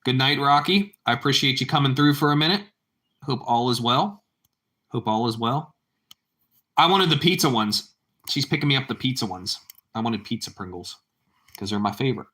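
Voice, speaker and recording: A man's voice: medium pitch, moderate pace, long pauses, sharp tone. A man chatting casually with his livestream viewers, rambling and repeating himself, and calling them bro. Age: adult parent. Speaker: livestream host.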